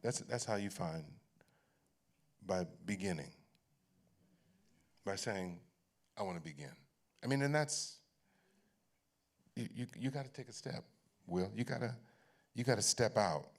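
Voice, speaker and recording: A man as an onstage guest, telling candid personal stories in an animated way, often laughing and restarting his phrases. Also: fairly low pitch, a little slow, long pauses. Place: library event stage.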